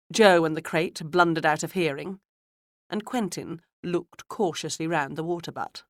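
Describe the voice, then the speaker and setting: A woman narrating a children's storybook in a measured, expressive way. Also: deep voice, no echo, studio quality. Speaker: audiobook narrator.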